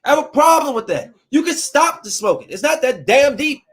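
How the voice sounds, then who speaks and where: A man with a high-pitched voice rants on his podcast. He talks casually but keeps lecturing, scolding and preaching at his listeners in a heated way. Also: big pitch swings, brisk, fairly bright tone. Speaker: podcast host. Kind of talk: opinionated casual podcast rant.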